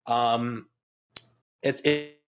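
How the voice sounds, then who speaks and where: A podcast co-host who talks in a halting way, with lots of fillers, in a casual chat. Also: mid-range voice, steady tone.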